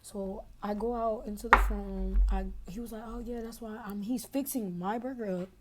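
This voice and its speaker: A woman's voice: medium pitch, steady tone, normal speed, a bit bright. A young adult woman caller telling a long story in casual, rambling talk over a phone connection, filling gaps with "blah, blah".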